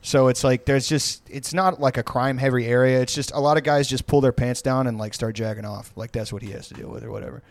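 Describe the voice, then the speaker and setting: A man's voice: mid-range voice, steady tone, quick pace, hardly any pauses, no room sound. Rambling, profane male storyteller. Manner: rambling, profane, many fillers. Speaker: podcast co-host. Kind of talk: casual storytelling.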